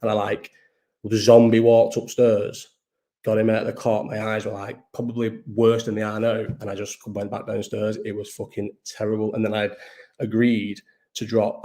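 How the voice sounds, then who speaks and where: A man's voice: on the low side, mellow. Tired, swearing man. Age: 30s. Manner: rambling, swears a lot, restarts and trails off. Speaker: live chat host. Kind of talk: casual chat.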